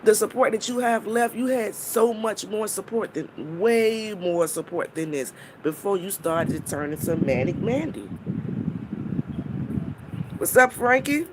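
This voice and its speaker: A blunt, foul-mouthed woman ranting on her live stream, her pitch swinging widely as she mocks and scolds. She breaks off now and then to greet viewers in the chat, then goes straight back to her point. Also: animated, measured pace, a little hiss or hum. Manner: blunt, profane and mocking.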